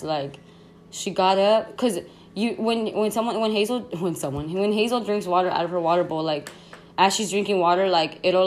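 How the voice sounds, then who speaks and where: A young woman tells a story in a rambling, slangy, excitable way, full of fillers. Her voice sits fairly low for a woman. A faint hiss of noise runs under her speech. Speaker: podcast host. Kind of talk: casual storytime chat.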